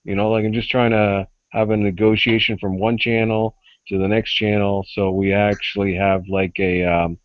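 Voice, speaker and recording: A man's voice: lowish voice, level tone, normal speed, a little hiss or hum. A man joining a group video call who rambles and searches for his words. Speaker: caller joining the panel. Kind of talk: casual chat on a group call. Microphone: online video call. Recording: dull, dry lo-fi call audio.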